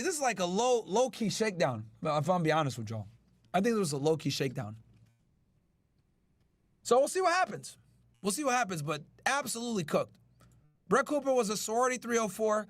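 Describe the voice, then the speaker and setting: A brash male podcast host riffs to his live chat in a raised, high-pitched voice. His voice sits dry and close, with no room sound around it, and he swears freely while he reacts to the news. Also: a bit bright, no echo. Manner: brash, profane, talks to chat.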